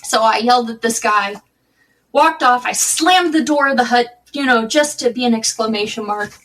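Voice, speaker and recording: A woman's voice: a little high, normal speed, a bit bright, far from the mic, low-quality recording. A woman guest on a podcast, telling her own life story candidly and conversationally, often restarting her sentences. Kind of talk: personal storytelling in a podcast interview.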